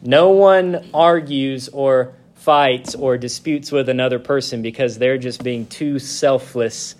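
A male pastor preaching a sermon, reading scripture slowly and leaning on key words. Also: medium pitch, a little mellow, a little hiss or hum.

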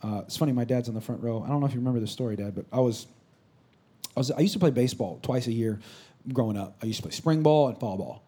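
A man in his thirties, a pastor preaching a sermon in a church, moving between loud exclamations and soft whispered asides. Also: mid-range voice, fast, husky. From California. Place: church sanctuary.

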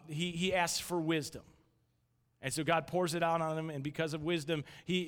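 A man in his thirties gives a conversational sermon, stumbling over restarts as he tells a family story. His voice sits a little high and sounds bright and forceful. It rings through a large hall with a long reverb tail. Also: clean tone. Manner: conversational, restarts often, acts out voices in anecdotes. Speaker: pastor.

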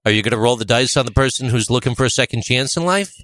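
A man's voice: medium pitch, expressive, fast, fairly bright tone, no room sound. A man co-hosting a casual conversation podcast, joking and firing off rhetorical questions. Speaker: podcast co-host.

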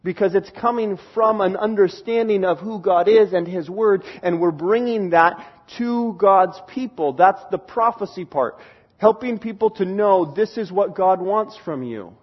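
A man's voice: sits high, measured pace, muffled recording. A man preaching a sermon, explaining a scripture passage and reading verses aloud while stressing key words.

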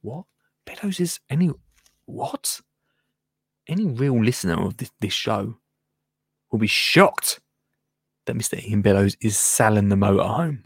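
A man's voice: on the low side, animated, a little slow, gravelly, pauses often, breathy edge, no room sound, clean studio sound. A man from England hosting a live show, chatting casually and rambling as he reads out listener comments, laughing often and trailing off into mutters. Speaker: radio show host.

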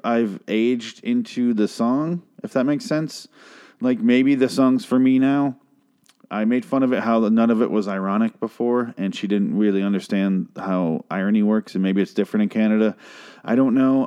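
A man's voice: mid-range voice, darkish tone. A middle-aged man doing a comedic rant, sarcastic and profane, rambling with restarts and asides. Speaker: comedian host. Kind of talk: comedic rant, casual monologue.

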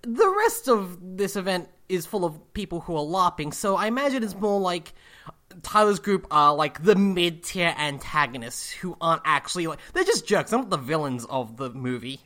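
Lively, teasing woman with a lowish voice. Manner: teasing, quick-witted, laughs often. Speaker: podcast co-host. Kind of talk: casual chat.

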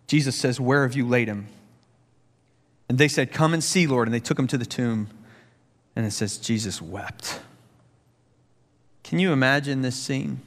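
Long hall reverb surrounds this sermon from a male pastor with a mid-range voice. Earnest, he poses rhetorical question after rhetorical question and becomes more animated when telling stories.

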